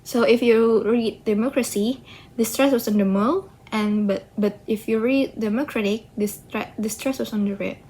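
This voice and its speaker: A woman, presenting slides in a student project on word stress, talking haltingly with frequent restarts. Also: fairly high pitch, a little mellow, slight background noise. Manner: halting, slow, restarts and self-corrections. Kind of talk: slide presentation explaining pronunciation.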